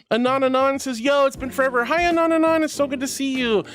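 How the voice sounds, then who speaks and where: Recorded with studio-quality clarity and no room sound, a female streamer in a virtual reality setup reads her chat aloud. She greets viewers with bubbly, high squeals and fondly calls each of them honey or sweetie.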